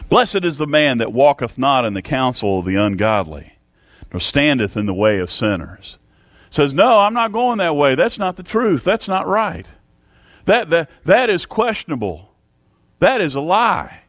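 A man's voice: a little high, expressive, a little slow, no echo, clean studio sound. A man preaching a sermon, emphatic and repetitive, reading Bible verses aloud.

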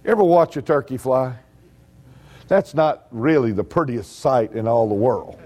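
A man's voice: medium pitch, expressive, moderate pace, darkish tone. A man preaching a sermon, telling folksy stories with humor.

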